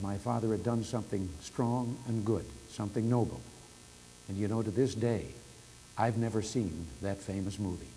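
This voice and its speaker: A man in his seventies delivering a formal speech by telephone, telling anecdotes in a folksy storytelling manner with gentle humor. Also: fairly low pitch, poor audio. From United States. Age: 70s. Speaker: president giving remarks. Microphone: telephone hookup. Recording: archival telephone speech with faint noise.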